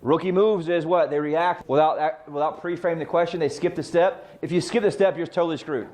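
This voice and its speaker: A man's voice: fairly high pitch, brisk, darkish tone. A middle-aged man coaching a real estate training session, often asking the group questions and answering them himself. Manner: rhetorical questions to the class. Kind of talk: training talk.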